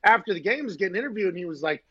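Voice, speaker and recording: A man hosting a sports talk show, chatting loosely and telling jokey stories in a loud, excitable way, running on little sleep. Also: high voice, rapid-fire, highs cut off, over a noisy crowd. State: short on sleep. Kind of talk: casual sports chat.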